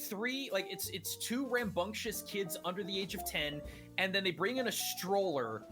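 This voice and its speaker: A man guest on a stream, telling a travel story in a measured, dry-humored way. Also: high voice, expressive, music in the background. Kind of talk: casual chat, storytelling.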